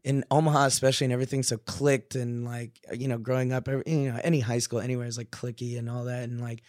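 A man's voice: mid-range voice, flat delivery, quick pace, a little mellow, no room sound. Young male comic guest, loose rambling chat, mid-range voice, dry studio sound. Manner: rambling, filler-heavy storytelling. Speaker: podcast guest, comedian. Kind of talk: casual chat. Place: podcast studio.

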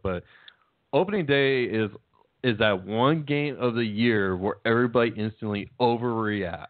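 A man's voice: on the low side, normal speed, dry recording. A man, co-hosting a casual sports chat, rambling and restarting his sentences. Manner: rambling, restarts often, laughs at own jokes. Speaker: podcast co-host. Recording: tinny phone-like line, dry.

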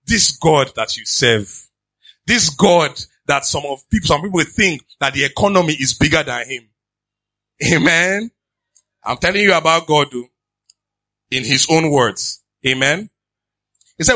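Husky-voiced pastor preaching. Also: male voice, fairly high pitch, a little slow. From Nigeria. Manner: animated preaching, reads scripture then riffs with asides and laughs. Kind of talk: sermon.

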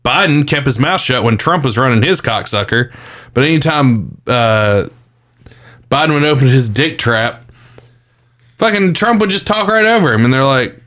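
Profane man with a lively voice. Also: mid-range voice. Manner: profane, animated, quick to laugh. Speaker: podcast co-host. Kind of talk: casual political chat.

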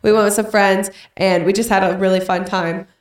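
A young woman telling stories as a podcast co-host, chatty and animated. Her pitch is in the normal middle range for a woman. She sits some distance from the mic in an echoey room. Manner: chatty storyteller, quick and animated. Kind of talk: casual chat.

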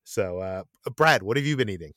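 A man's voice: on the low side, expressive, a little fast, fairly bright tone, no echo, studio quality. A man hosting a casual podcast chat, talking with frequent stammered restarts and fillers. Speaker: podcast host.

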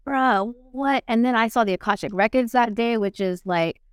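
A woman's voice: medium pitch, a little fast, clean tone, no room sound, clean studio sound. Blunt, profane woman telling her story. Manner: blunt, profane, animated retelling. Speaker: podcast guest. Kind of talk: candid conversational storytelling.

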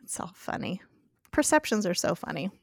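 A woman with a lowish voice and some vocal fry hosts a podcast, recapping a TV episode in casual conversation at normal speed. She giggles often and acts out the characters' lines in animated voices. The recording is dry and studio quality.

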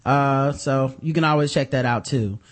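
Joking male podcast host. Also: mid-range voice. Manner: loose, joking, shifts between fast asides and drawn-out hype. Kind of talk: casual podcast chat and sponsor reads.

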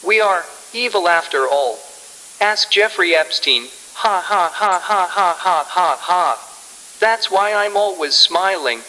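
A man's voice: high voice, bright, forceful tone, big-room sound, exaggerated voice, rough recording. A man playing a smug, evil male billionaire in a crude comedy sketch impression, boasting with gleeful menace.

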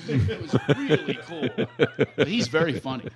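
A man's voice: a little high, expressive, fairly quick, a crowd in the background. A man, a guest comedian, swapping stories in casual banter, teasing and acting out voices. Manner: teasing storyteller, acts out voices.

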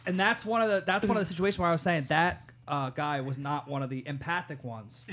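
A man's voice: fairly high pitch, fairly even intonation, brisk, crowd noise. A man in a casual podcast chat, adding joking asides.

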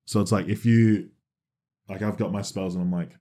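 A young man co-hosting a casual podcast, chatting loosely and jumping into loud re-enactments of his stories. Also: low voice, moderate pace. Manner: animated, shouts when acting out stories. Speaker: podcast co-host. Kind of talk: casual chat.

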